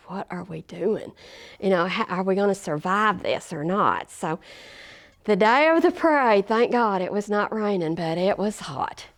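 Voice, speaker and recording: An older woman, a former teacher telling anecdotes in an oral history interview, chatty and laughing often. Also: medium pitch. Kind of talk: anecdotal storytelling.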